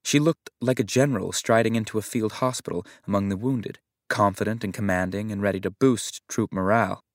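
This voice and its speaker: A man narrating a literary short story in a measured, reflective way. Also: on the low side, no echo, clean studio sound.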